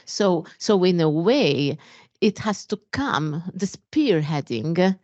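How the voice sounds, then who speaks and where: A woman speaking on a conference panel, thoughtful and halting. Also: fairly low pitch, lively intonation, dark tone, no room sound, muffled recording. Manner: thoughtful, hesitant with fillers. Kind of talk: panel discussion.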